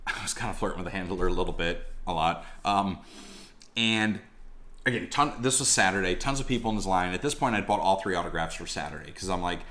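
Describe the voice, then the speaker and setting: Brief: man vlogging, low-pitched voice, animated slangy storytelling. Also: a little fast. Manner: animated, slangy, swears freely. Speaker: collectibles vlogger. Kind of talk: casual storytelling vlog.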